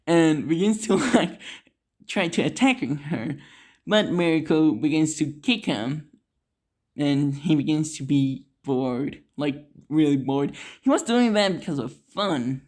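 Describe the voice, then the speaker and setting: Slow, rambling fan storyteller. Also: mid-range voice, darkish tone. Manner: rambling, with many "like" fillers and giggles. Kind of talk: casual improvised storytelling.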